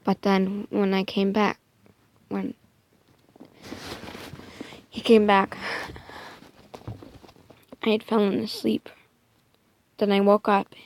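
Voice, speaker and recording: A woman narrating a made-up first-person story in a soft, hesitant way. Her voice has a gravelly fry and she speaks slowly. She often dips into a near-whisper and corrects herself mid-line. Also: medium pitch, level tone, slight background noise.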